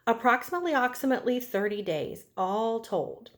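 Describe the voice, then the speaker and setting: A woman's voice: on the high side, animated, fairly quick, close to an everyday voice. A woman voicing a chatty mother goose who repeats her words, in a storybook read aloud.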